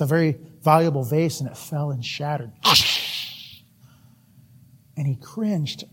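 A male preacher telling an animated story in a sermon, often laughing as he speaks. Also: on the high side.

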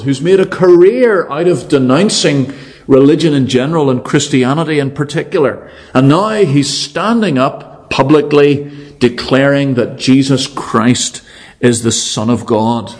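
A man's voice: mid-range voice, unhurried, a little mellow. A man preaching an evening sermon, emphatic and fond of rhetorical repetition.

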